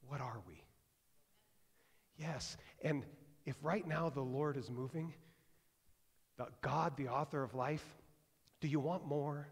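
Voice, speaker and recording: A man preaching a sermon as pastor, conversational and animated, swinging between loud and hushed. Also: mid-range voice, slightly rough. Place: church sanctuary. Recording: long church reverb.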